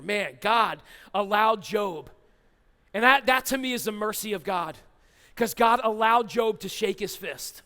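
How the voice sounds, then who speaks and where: A man preaching a sermon as pastor, animated and reading scripture aloud in quick bursts. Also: high voice. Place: church hall. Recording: reverberant church hall.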